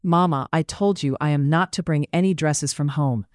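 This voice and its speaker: A narrator voicing a patient, composed young woman in an audiobook, polite and measured. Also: medium pitch, darkish tone, no room sound, studio quality, lightly acted. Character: patient, composed eldest daughter. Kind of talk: audiobook character voice.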